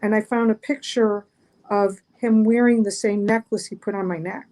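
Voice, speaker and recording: A woman's voice: medium pitch, fairly even intonation, normal speed, mellow, poor audio. A middle-aged woman, a guest on an online chat show, telling a story casually, rambling with many fillers and restarts.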